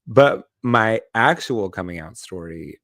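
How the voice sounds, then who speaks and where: A man with a fairly low voice tells a personal story on a podcast, talking in a candid, loose way full of "like" and "um". The sound is close and dry. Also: expressive, slow, fairly bright tone, no room sound. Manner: personal, candid, heavy use of "like" and "um". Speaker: podcast co-host. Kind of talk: casual storytelling chat.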